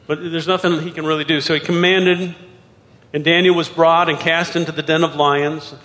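A man with a high voice preaches a sermon, moving through scripture verse by verse. He asks pointed rhetorical questions as he goes. His voice rings out with a long reverb tail, as if from a large hall. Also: flat delivery, normal speed, a bit bright. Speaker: pastor.

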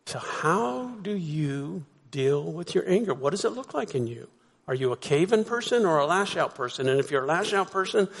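Man, pastor, conversational sermon, rhetorical questions, fairly high voice, long hall echo. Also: expressive, normal speed, vocal fry.

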